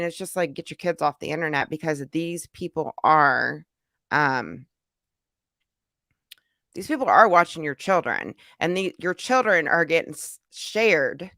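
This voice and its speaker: Bright, gravelly streamer woman. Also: low-pitched, no echo, studio quality. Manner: chatty, reads chat comments aloud. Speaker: reaction streamer. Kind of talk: casual live reaction chat.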